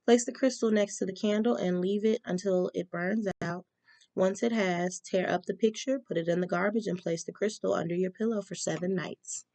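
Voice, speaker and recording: A woman's voice: mid-range voice, steady tone, normal speed, dark tone, no echo. A woman giving a casual tarot reading, chatty and reading spell instructions aloud with frequent ums. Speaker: tarot reader.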